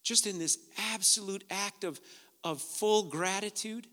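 A man's voice: high voice, unhurried. Man preaching a sermon in a reverberant hall. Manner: swings from hushed to loud preaching. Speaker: pastor.

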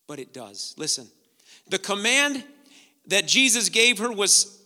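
A man pastor preaching a sermon, swinging from hushed, slow passages to loud, emphatic ones. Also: high voice, very animated, in a large hall.

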